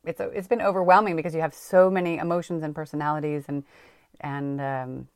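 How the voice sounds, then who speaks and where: A woman co-hosting a podcast in casual chat, talkative and laughing often, speaking in quick bursts. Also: deep voice, fairly even intonation, no room sound, clean studio sound. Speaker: podcast co-host.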